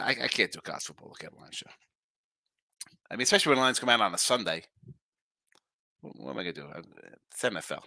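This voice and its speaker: Brash, animated male sports betting host. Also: mid-range voice, no room sound, studio quality. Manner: brash, animated, jokey, talking to viewers. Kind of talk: live betting picks chat, reading comments.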